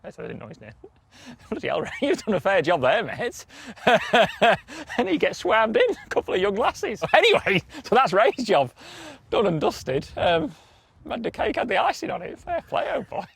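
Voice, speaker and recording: A man presenting a documentary, telling stories in a lively way, swearing freely and laughing often. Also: high-pitched, moderate pace, creaky, husky. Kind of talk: lively storytelling to camera.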